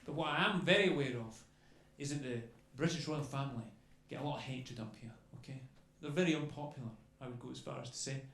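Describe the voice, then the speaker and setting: A man's voice: mid-range voice, quick pace, few pauses, a bit bright. A man doing a stand-up comedy set on a club stage, rambling and chatty, tagging lines with "okay?" and "you know". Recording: echoey club room with faint noise.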